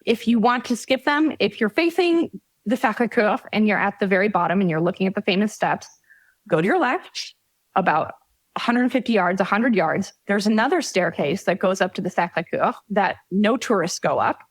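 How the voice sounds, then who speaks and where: Female podcast guest, mid pitch, dry close sound, direct and emphatic advice-giver. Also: lively intonation, normal speed, dry recording. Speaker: guest, travel guide author. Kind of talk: casual conversational interview.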